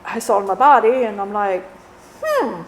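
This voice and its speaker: A woman's voice: medium pitch, very animated, normal speed, slight background noise, lightly acted. A woman channeling the spirit of a dead man, who rambles bluntly, swears and keeps saying "you know". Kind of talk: channeling session.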